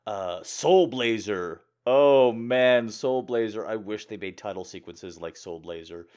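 Man, casual q&a chat, jokey and animated, lowish voice. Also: a little slow. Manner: animated, jokey, bursts of laughter. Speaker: host of an audio channel.

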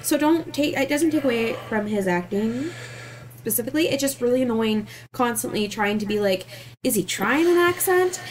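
A woman co-hosting a podcast, chatting casually about a film in a blunt, animated way and swearing freely. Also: fairly high pitch, normal speed, crowd noise. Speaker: podcast co-host. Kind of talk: casual movie review chat.

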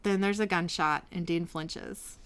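This woman co-hosts a podcast, speaking in a lowish, clear, resonant voice that's fairly bright, fairly even in intonation, and a little slow. In a casual chat, she recaps an episode scene by scene, quoting the dialogue plainly.

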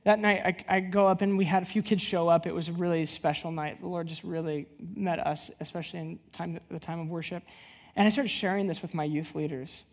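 Husky-voiced woman youth pastor preaching, storytelling, acts out the conversations. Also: fairly low pitch, a little fast. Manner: animated storyteller who acts out dialogue. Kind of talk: sermon with personal storytelling.

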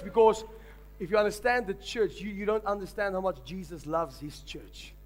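A high-pitched man preaching a sermon as pastor. He drives points home with repetition and rising emphasis, urging the congregation to answer back. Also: normal speed. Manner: emphatic preaching with call-and-response.

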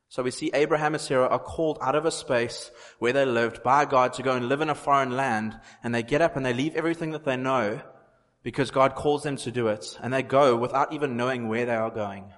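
A man's voice: mid-range voice, fast talker, fairly bright tone. A man preaching a sermon in an earnest way, repeating phrases for emphasis. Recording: long hall reverb.

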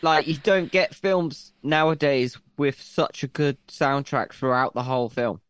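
A man's voice: a little high, steady tone, measured pace, fairly bright tone, clear, resonant tone, no echo. A man co-hosting a podcast, bantering and swearing freely with jokey asides. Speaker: podcast co-host. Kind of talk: casual chat.

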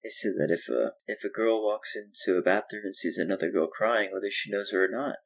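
Deep, husky-voiced young man joking. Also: expressive, brisk, rough recording. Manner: dry, joking, laid-back. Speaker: podcast co-host. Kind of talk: casual podcast chat.

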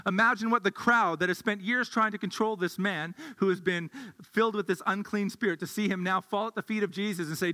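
High bright-voiced man preaching. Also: a little fast, long reverb tail. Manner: conversational, thinks aloud with restarts. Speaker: pastor. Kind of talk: sermon.

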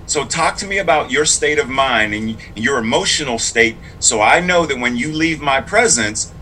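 A man's voice: medium pitch, animated, moderate pace, pushed and bright, slight background noise, rough recording. A man who is both clergy and a public school teacher, speaking in a casual interview in an earnest, reflective and emphatic way.

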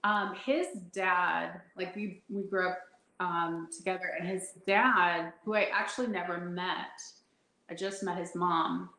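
A woman guest telling personal stories in a conversation, animated and laughing often as she acts out what people said. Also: fairly low pitch, measured pace, reverberant, poor audio. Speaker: intuitive guest. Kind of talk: storytelling in a conversation.

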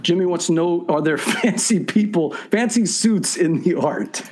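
A man hosting a live-streamed game show over a video call, reading out viewer questions in a brisk, playful way. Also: sits high, lively intonation, darkish tone, slight background noise. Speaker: show host.

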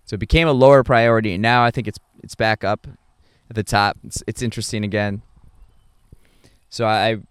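A young adult man talking casually about his dating life, halting often with fillers and restarts and chuckling between thoughts. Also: on the low side, steady tone, clean tone, no echo. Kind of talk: casual rambling monologue.

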